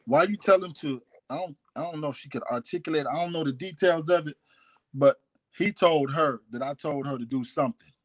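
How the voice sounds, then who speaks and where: A man's voice: on the high side, a little fast, no echo. Man giving a raw, hesitant confession. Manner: confessional, hesitant, repeats himself. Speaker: guest telling his life story. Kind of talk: candid personal testimony.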